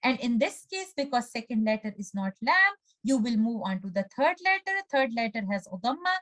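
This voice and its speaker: A woman's voice: fairly high pitch, very animated, a little fast, fairly bright tone, no echo, low-quality recording. A woman teaching Quran recitation rules in a patient, methodical lesson, breaking words down syllable by syllable. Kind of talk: step-by-step tajweed lesson with recited examples.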